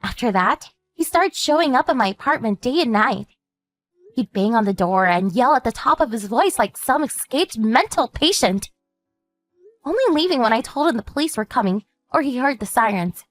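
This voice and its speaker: Woman voicing a composed, high-voiced older sister. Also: animated, faint music behind. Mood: steady. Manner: measured, explanatory storytelling. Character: calm woman warning her sister about a stalker ex. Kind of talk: animated story narration.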